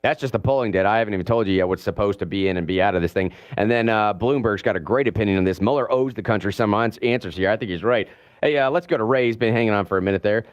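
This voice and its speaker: A man hosting a political talk radio show from a studio, animated and sarcastic, mimicking the people he talks about. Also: lowish voice, rapid-fire, no echo, muffled recording. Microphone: studio mic.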